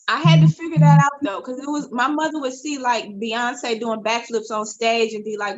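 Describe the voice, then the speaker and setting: A woman in her thirties, her voice sitting a little high. She speaks candidly and thoughtfully, often restarting her sentences. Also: fairly even intonation, moderate pace, muffled recording. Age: 30s. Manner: open, reflective, talks in restarts. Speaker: guest. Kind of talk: candid personal storytelling.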